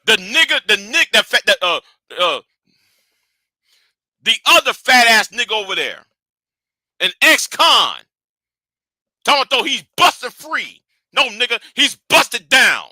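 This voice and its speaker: A man hosting a livestream, scolding and animated in a profane rant that swings from shouting to hushed. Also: very high voice, measured pace, long pauses, no room sound. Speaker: livestream host.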